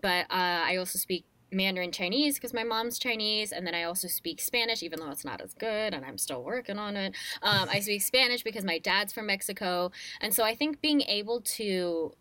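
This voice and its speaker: An animated young woman in casual conversation, playful and quick to laugh. Her voice sits at an ordinary pitch for a woman. The sound is dry and close, with no room around it. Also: no room sound. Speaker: guest, voice actor.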